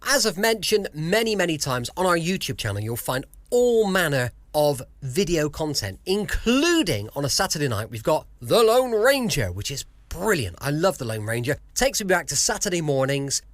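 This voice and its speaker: A man's voice: fairly high pitch, big pitch swings, moderate pace, no echo. A man hosting a podcast from his home, chatting enthusiastically. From south coast of England. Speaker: podcast host. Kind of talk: casual podcast introduction.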